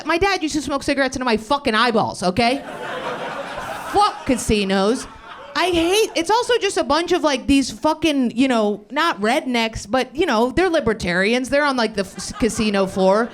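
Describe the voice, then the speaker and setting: A young woman riffing stand-up off the crowd's suggestions, brash and profane. Her voice sits a bit high, and she jumps from one bit to the next fast. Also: expressive. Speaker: stand-up comedian. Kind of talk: improvised stand-up.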